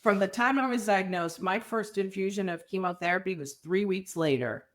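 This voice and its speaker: A middle-aged woman, a podcast guest, telling her story candidly in an animated, emphatic way. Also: mid-range voice, normal speed. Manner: animated, emphatic, acts out quoted people.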